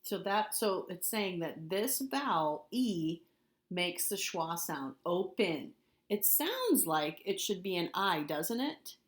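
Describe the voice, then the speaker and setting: A woman's voice: fairly low pitch, sing-song, slow pace. A woman teacher giving a recorded spelling lesson, patiently repeating words and spelling them out letter by letter.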